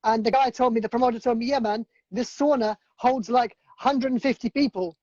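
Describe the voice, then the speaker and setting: A man's voice: extremely high pitch, fairly quick, darkish tone, dry recording, lo-fi sound. A man, a DJ and producer, chatting casually on a livestream, rambling through stories with lots of fillers and restarts. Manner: rambling, filler-heavy storytelling. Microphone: video call.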